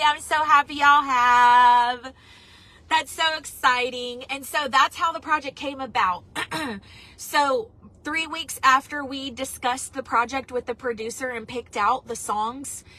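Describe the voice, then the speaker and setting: A woman's voice: fairly high pitch, pushed and bright, poor audio. A middle-aged woman, chatting casually on a livestream and reading viewer comments aloud. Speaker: singer hosting a livestream album listening party.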